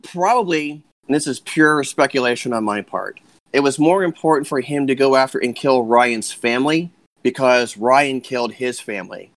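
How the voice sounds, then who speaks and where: A man's voice: mid-range voice, moderate pace, fairly bright tone, dry recording. A man in the middle of his range, talking through a movie on a podcast in an easy, explanatory way. The sound is dry and close, with no room around it, and he likes to fill in background detail. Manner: speculative, explains with military and phone-era detail. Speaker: podcast guest. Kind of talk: casual podcast chat.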